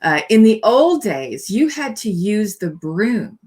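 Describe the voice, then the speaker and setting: A woman's voice: mid-range voice, sing-song, slow, darkish tone, slightly rough. A woman minister giving a conversational spiritual talk, chatty and digressive, often adding "you know" and "right?" as she reads aloud from a book with asides.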